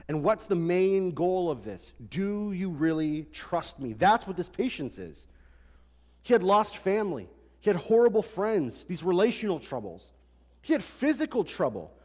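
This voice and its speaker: A man in his twenties preaching a sermon, animated and conversational, full of rhetorical questions. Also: sits high, moderate pace. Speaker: pastor. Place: large church hall. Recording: long church hall reverb.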